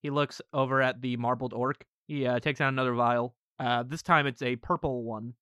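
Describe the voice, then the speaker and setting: A man's voice: medium pitch, steady tone, normal speed, bright, forceful tone, clean tone, dry recording, studio quality. A man narrating a tabletop role-playing game as game master, casual, with frequent laughter and fillers.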